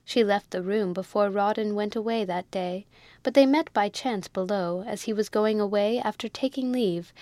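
A woman reading a classic novel aloud in a measured, even way. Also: medium pitch, dry recording. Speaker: audiobook narrator. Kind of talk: scripted narration.

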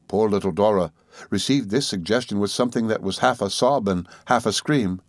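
A man reading a classic novel aloud as an audiobook narrator, in a measured storytelling manner. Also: on the low side, no room sound, studio quality.

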